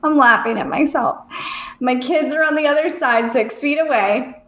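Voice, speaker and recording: A woman's voice: high voice, normal speed. A woman in her thirties co-hosting a casual podcast chat, laughing at herself and acting out what people said. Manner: expressive, laughs at herself, acts out quotes. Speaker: podcast co-host. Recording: roomy echo.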